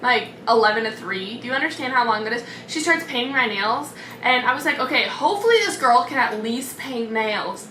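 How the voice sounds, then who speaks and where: Chatty young woman, bright echoey vlog voice. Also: a little high, expressive, fairly quick, few pauses, a little hiss or hum. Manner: chatty, dramatic, many "like" fillers, mimics voices. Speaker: vlogger. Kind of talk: storytime vlog. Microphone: camera mic. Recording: echoey room, slightly far from mic.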